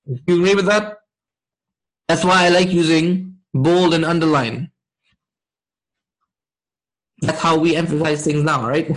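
A man teaching a Quran and Arabic lesson, checking in with his class often and reciting verses quickly. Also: high voice, low-quality recording. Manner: asks the class frequent check-in questions, many fillers. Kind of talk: interactive online class lesson.

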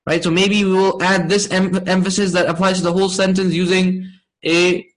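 A man teaching a class, explaining slowly and checking in with his students often. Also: sits high, little pitch movement, rough recording. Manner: slow, deliberate explaining. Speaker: Arabic grammar teacher.

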